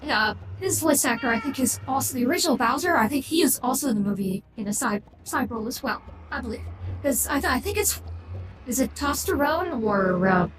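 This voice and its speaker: High-voiced woman streamer, rambling. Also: expressive, a little fast. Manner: rambling and opinionated, with frequent restarts. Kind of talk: casual livestream chat. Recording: echoey room with clear background noise.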